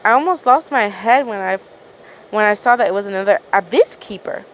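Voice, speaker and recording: A woman's voice: medium pitch, expressive, a little fast, slight background noise, natural voice, rough recording. A woman reading as a nervous captive woman. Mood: uneasy.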